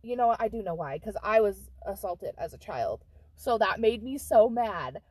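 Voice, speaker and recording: A woman's voice: mid-range voice, moderate pace, breathy edge, dry recording. A woman co-hosting a casual podcast, telling a story with lots of swearing and acted-out quotes. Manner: profane, animated storyteller who acts out quotes. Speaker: podcast co-host.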